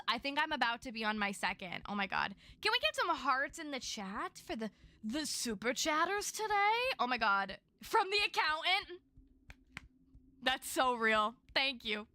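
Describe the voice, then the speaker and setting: High-voiced chatty young woman streamer. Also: sing-song, moderate pace, sharp tone. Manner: chatty and effusive, laughs often. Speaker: livestreamer. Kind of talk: casual livestream chat. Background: music playing behind.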